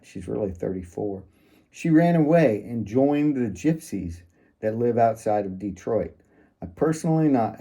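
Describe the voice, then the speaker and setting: A man's voice: medium pitch, dark tone. A man reading first-person fiction aloud in a wry, sardonic manner. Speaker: audiobook narrator.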